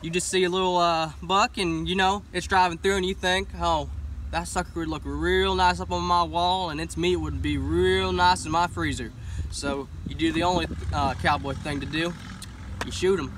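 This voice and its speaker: A man's voice: fairly high pitch, steady tone, normal speed, fairly bright tone, voice pushed up, natural voice. A man voicing a boastful macho cowboy rancher, folksy and mocking, outdoors by a truck. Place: outdoors beside a pickup truck. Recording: distant mic with outdoor vehicle noise.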